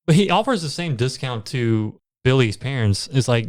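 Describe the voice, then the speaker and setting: A man's voice: mid-range voice, expressive, moderate pace, few pauses, darkish tone. A man co-hosting a podcast in casual chat, wryly recapping movie scenes with plenty of swearing. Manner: profane, wry storytelling. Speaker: podcast co-host.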